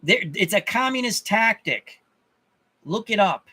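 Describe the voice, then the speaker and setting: Angry ranting man, high bright voice. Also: animated, a little slow, breathy edge. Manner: angry, profane, repeats himself in bursts. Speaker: channel host. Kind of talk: ranting monologue to viewers.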